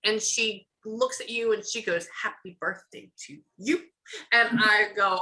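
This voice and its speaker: A woman's voice: mid-range voice, a little slow, bright, forceful tone. A woman working as a psychic medium, chatting through a reading and acting out what she hears, on camera. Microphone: camera or video call.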